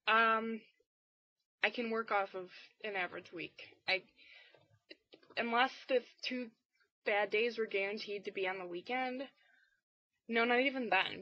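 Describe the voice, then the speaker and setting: Tired teen girl vlogger, rambly and low-key, full of fillers, dry muffled webcam sound. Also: dry recording. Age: teens. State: tired and under the weather. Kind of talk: casual weekly vlog chat. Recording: dull, dry lo-fi webcam audio.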